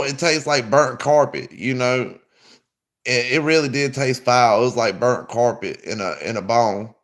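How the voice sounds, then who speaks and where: Guy telling a wild story, casual, rambly, lots of slang and cussing, normal pitch. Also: fairly bright tone. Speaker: podcast host.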